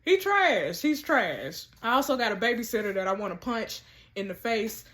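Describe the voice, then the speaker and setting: A woman giving sassy, animated commentary while playing through a texting story game. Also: a little high, normal speed. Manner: animated, sassy, laughs often. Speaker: content creator.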